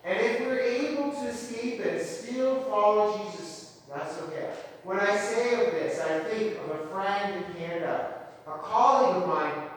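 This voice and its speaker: A man preaching a sermon and telling a story, earnest, slowing down on key phrases. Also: high voice, slight background noise. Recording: echoey hall, distant mic.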